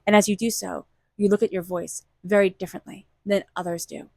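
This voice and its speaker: A woman's voice: medium pitch, level tone, fairly quick, creaky, darkish tone, no echo. A woman giving a casual, reassuring tarot reading, repeating phrases for emphasis. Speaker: tarot reader.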